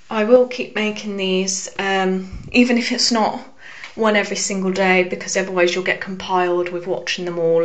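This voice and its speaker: A young woman telling a personal story to camera, hesitant with frequent fillers and soft asides. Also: lowish voice, dull audio. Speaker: vlogger.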